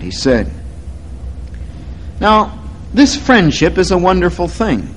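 A man preaching a sermon, slow and deliberate, swelling louder on key words. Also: high voice, big pitch swings, slight background noise, poor audio. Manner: slow, deliberate stress on words to teach them.

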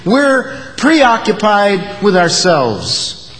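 Lively-pitched man preaching in a reverberant hall. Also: extremely slow. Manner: earnest, rising to emphatic peaks, acting out quoted insults. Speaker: pastor. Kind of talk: sermon.

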